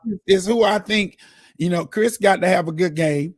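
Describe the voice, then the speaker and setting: A man hosting a casual sports talk show, excitable and chatty with lots of fillers, in a preacher-like manner. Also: high-pitched, normal speed, no echo, studio quality. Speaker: host.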